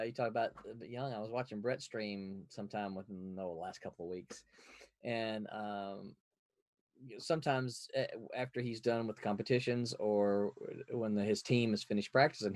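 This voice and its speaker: A man co-hosting a casual podcast, telling a relaxed story with hesitant fillers and frequent laughter. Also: fairly low pitch, no echo, clean studio sound. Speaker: podcast co-host. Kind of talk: casual chat.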